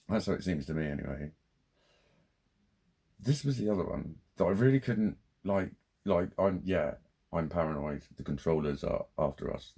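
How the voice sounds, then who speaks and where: Male vlogger, low husky voice, rambling sweary rant, heats up fast. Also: mellow. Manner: sweary, rambling, gets heated. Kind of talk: casual rant to camera.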